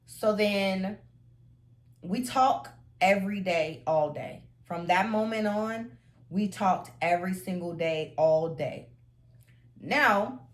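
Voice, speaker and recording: A young woman vlogger telling a personal story in a chatty, animated way. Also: on the low side. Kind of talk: storytime vlog.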